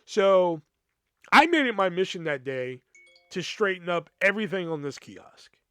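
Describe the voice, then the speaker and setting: Male podcast host with a fairly high voice, ranting through a personal story, lots of cursing and fillers. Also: expressive, measured pace, a bit bright, smooth, no room sound. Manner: profane, heated storytelling with fillers.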